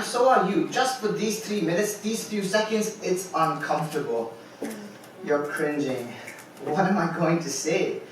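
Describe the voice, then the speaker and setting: Man, high voice, spoken word poet, anxious and ironic, heavy echo in a club room, mic far off. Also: a little hiss or hum. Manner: anxious, self-questioning, ironic. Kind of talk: spoken word poetry performance. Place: poetry club stage, live audience.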